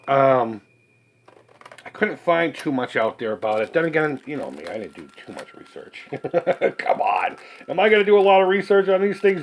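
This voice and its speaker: This collectibles video host, a man in his forties, sounds a little high-pitched as he rambles through a casual unboxing, cursing often and cracking jokes between laughs. The recording is low quality and carries slight background noise.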